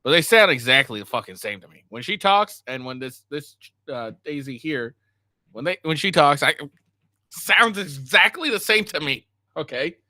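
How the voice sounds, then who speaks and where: Bright-voiced male co-host, casual and rambling. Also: on the high side, expressive, moderate pace, no echo. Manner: rambling, loose asides. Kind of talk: casual commentary.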